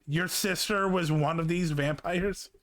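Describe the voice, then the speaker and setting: A man's voice: on the high side, steady tone, measured pace, a bit bright, no room sound. A man streaming live, chatting casually over a video with candid, profane asides and many fillers. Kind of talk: casual chat.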